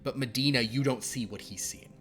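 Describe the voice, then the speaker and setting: A man narrating a horror tabletop game as game master, halting with fillers and dropping to hushed asides. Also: mid-range voice. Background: background music.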